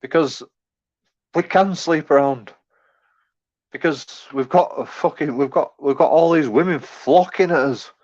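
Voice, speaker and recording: A man's voice: on the high side, a little slow, a little mellow, muffled recording. A man, ranting in a rambling, crude, profanity-heavy way as he reacts to a clip. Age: 40s. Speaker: commentator. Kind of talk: casual reaction rant.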